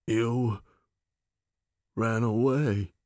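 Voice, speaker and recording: A man's voice: mid-range voice, steady tone, drawn-out words, darkish tone, no echo, studio quality. A man voicing a big, tough woman who sounds childlike, sullen and pleading, in a storybook reading. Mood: sulky, childlike.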